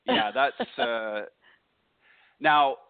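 A man hosting a radio interview, loose and halting with many restarts. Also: mid-range voice, huge pitch swings, creaky, a crowd in the background. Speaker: radio show host. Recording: tinny phone-quality line.

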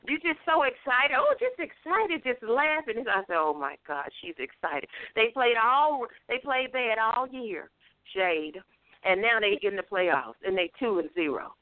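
A woman's voice: fairly high pitch, big pitch swings, unhurried, no room sound. A playful woman co-host teases her partners and rolls into rhythmic rhymed rundowns. She comes through a tinny phone line with a dry, narrow sound. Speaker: co-host reciting sports rhymes. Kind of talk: casual radio chat and rhymed rundown.

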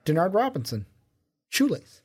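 A man's voice: high-pitched, big pitch swings, moderate pace, darkish tone, husky. A young man co-hosting a sports podcast in casual chat, quizzing his partner with rambling asides. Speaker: podcast co-host.

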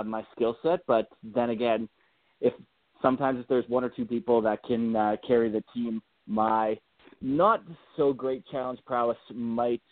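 A man's voice: medium pitch, no room sound. A man from Alberta, Canada, a guest on a casual call-in show, rambling and self-deprecating with easy laughs and many restarts. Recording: tinny phone line, dry.

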